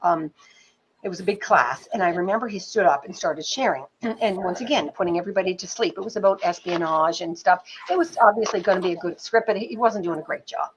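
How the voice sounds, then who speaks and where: A middle-aged woman, a film producer and pitching teacher, telling anecdotes in an interview in an animated, chatty way with many fillers. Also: brisk, lo-fi sound, a little hiss or hum. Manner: animated storyteller, many fillers like "you know", occasional swearing.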